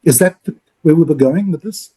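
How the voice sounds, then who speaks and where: A man with a somewhat high, slightly breathy voice talks fairly quickly as a podcast co-host who works as a loan officer. He coaches energetically and acts out sample phone calls, switching into other voices for them.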